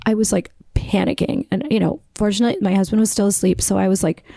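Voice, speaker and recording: A woman who is a podcast guest, telling a story in animated casual talk, full of "like"s and broken up with laughs. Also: mid-range voice, fast, creaky, few pauses, no echo, clean studio sound. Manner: animated, many filler "like"s, laughs between lines.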